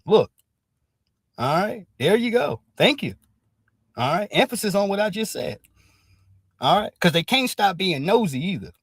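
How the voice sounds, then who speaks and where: A man's voice: a little high, dry recording, studio quality. A man giving casual, profane livestream commentary, dropping "all right" between nearly every thought. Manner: animated, profane, repeats "all right" as a filler.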